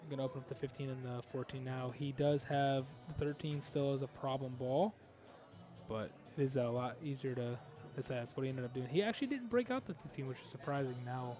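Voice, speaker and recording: Man, pool commentator, mellow tone, analytical, rambling fillers, faint music behind. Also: medium pitch. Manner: analytical, thinks aloud with frequent fillers. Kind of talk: live play-by-play commentary. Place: pool hall.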